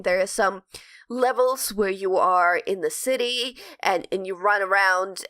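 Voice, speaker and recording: A woman's voice: medium pitch, a bit bright. A woman co-hosting a podcast, chatting casually and ranting, rambling with many restarts. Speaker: podcast co-host. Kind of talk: casual chat.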